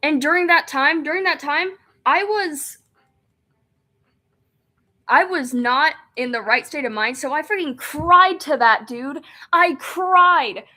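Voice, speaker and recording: A young woman streaming a game, reading its text aloud and chatting excitedly, often laughing and rambling. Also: high voice, a little slow. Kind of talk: casual let's-play chat, reading game text aloud.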